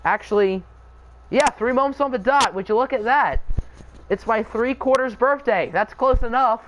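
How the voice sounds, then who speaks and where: A man's voice: very high voice, normal speed, a bit bright, dull audio, a little hiss or hum. A young man hosting a live stream, calling a simulated football game and chatting with viewers in a joking, casual way. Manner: chatty, answers live chat, jokes. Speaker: channel host. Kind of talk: live sim-game commentary.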